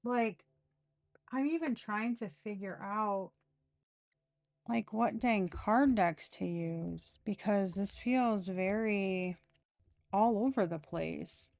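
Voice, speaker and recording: A woman in her thirties gives a casual tarot reading, drawling slowly through fillers and dropping sarcastic asides. Her voice has a gravelly fry. The sound is close and dry, with no room echo. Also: mid-range voice, a little mellow. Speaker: tarot reader.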